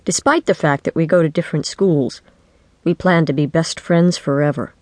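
A woman narrating a children's book in the first person, with lively, wry storytelling. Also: deep voice, moderate pace, dry recording. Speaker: audiobook narrator. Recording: dry studio audiobook.

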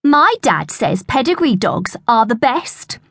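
A snooty schoolboy brags and sneers in a high, bouncy voice, as a woman narrator puts him on. He is a boastful show-off, every line looking down his nose, in a dry, close storybook recording. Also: very animated, slow, dry recording, full character voice.

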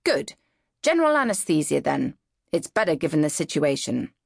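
A woman's voice: deep voice, very animated, normal speed, gravelly, dry recording, studio quality, exaggerated voice. A woman voicing a brusque, matter-of-fact male doctor with a curt, clipped delivery.

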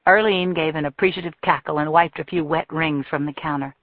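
Brief: woman audiobook narrator, expressive storytelling, tinny dry recording. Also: sits low, no echo. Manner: measured, expressive reading. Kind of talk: scripted narration. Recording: thin phone-like dry sound.

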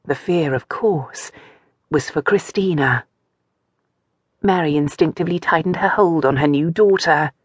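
A woman narrating an audiobook novel in a calm, measured storytelling manner. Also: deep voice, husky, dry recording, studio quality. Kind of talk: scripted narration.

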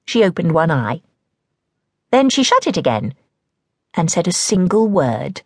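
Lively, husky woman reading a children's story. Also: fairly low pitch, unhurried, long pauses, no echo, studio quality. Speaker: audiobook narrator. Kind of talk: storytelling narration of a children's novel. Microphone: close studio mic.

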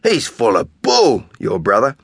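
A man's voice: medium pitch, huge pitch swings, measured pace, husky, no room sound, clean studio sound, exaggerated voice. A man voicing a cheeky teenage boy skateboarder who leads his friends with a teasing tone. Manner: teasing, mock-spooky.

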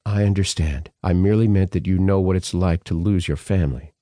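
A wealthy old professor, formal and blunt, speaking in clipped, higher sentences, as a male audiobook narrator puts him on. The narrator's voice is still deep at its base, and the recording is close and dry. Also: brisk, warm tone, no room sound, lightly acted.

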